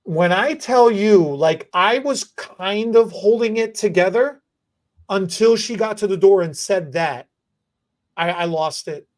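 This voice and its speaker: Stammering man telling a story. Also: sits high. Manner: halting, with many restarts and stammers, emotional. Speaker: podcast host and hairstylist. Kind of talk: casual storytelling.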